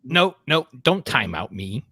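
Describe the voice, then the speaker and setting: A man's voice: medium pitch, sing-song, unhurried, sharp tone, breathy edge, no echo, studio quality. A man co-hosting a podcast who teases and wisecracks through casual chat. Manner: teasing, wisecracking. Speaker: podcast co-host.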